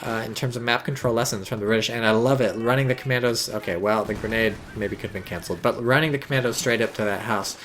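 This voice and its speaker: Excitable, profane male game caster. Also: lowish voice, fast, hardly any pauses, slight background noise. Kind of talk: casual game commentary.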